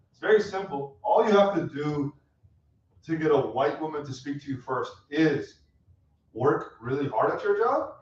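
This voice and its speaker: A man in his thirties doing a stand-up set with crowd work, deadpan and self-mocking, laughing at his own jokes on a club stage. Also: a little high, normal speed. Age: 30s. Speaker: stand-up comedian. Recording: roomy, distant, dull club recording.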